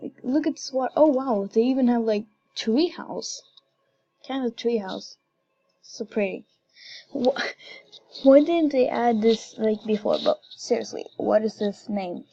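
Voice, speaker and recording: A woman giving casual gameplay commentary, gushing and giggly with excitement. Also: on the high side, takes it slowly. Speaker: game commentator. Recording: dull lo-fi recording.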